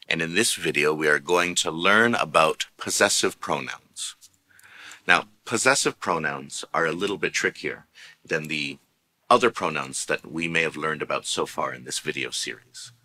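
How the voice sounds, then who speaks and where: Deep bright-voiced male language teacher. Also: moderate pace. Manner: explanatory, patient. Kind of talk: recorded language lesson.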